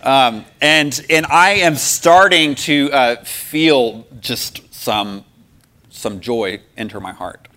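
Bright-voiced man telling his faith story. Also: medium pitch, slow. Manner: candid, self-deprecating, laughs often while telling. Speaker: speaker sharing a faith testimony. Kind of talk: personal testimony storytelling.

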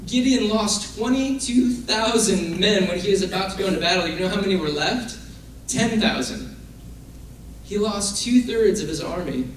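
This preacher's voice is high and expressive, moving at normal speed. He gives a casual, conversational sermon, acting out the people in his stories, and the recording comes from far away in a very echoey room with faint noise.

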